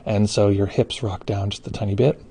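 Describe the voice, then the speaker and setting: A man teaching meditation in a live call, explaining in a relaxed, informal way with frequent restarts. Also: fairly low pitch, moderate pace, gravelly.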